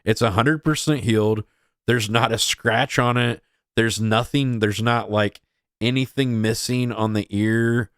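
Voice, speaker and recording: A man's voice: mid-range voice, steady tone, a little slow, clean tone, no echo, studio quality. A young man hosting a podcast, giving rambling casual commentary full of filler words. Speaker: podcast host.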